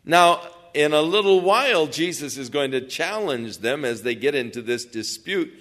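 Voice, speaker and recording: A man's voice: a little high, expressive, normal speed, fairly bright tone. A man preaching, reading scripture aloud and then explaining it, acting out the crowd's remarks as he goes. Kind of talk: verse-by-verse sermon.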